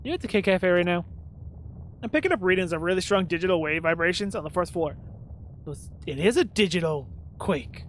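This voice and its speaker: A man's voice: high voice, lively intonation, a little fast, slight background noise. A man giving casual let's-play commentary, sarcastic and muttering at the game. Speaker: gaming video host.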